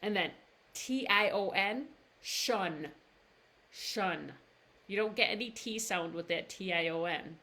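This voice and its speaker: A woman teaching pronunciation in a live-streamed lesson, drawing words out slowly and breaking them into syllables. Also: medium pitch, bright, forceful tone. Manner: slow, drawn-out demonstrations of words, syllable by syllable. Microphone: livestream camera mic.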